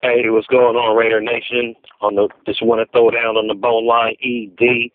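A man's voice: medium pitch, monotone, normal speed, a little hiss or hum. Angry profane man on a phone line. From Los Angeles. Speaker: caller. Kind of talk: call-in voicemail rant.

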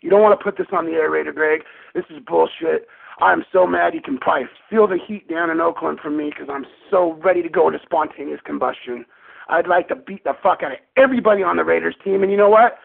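Man, caller, angry profane rant, gravelly, tinny phone line. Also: fairly high pitch, fast. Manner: furious, profane, exasperated.

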